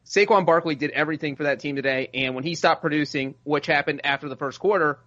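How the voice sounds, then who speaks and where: A man co-hosting a casual sports chat, making brisk arguments backed by stats. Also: on the high side, fairly bright tone, dry recording. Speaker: podcast co-host. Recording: dry, dull lo-fi sound.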